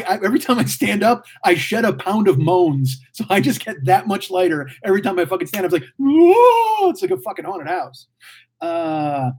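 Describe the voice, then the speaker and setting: A high-pitched man with a darkish, breathy edge to his voice reads live chat as a podcast host. In his forties, he runs a casual livestream where he rambles, curses, and blurts things out like a mouthy motor mouth.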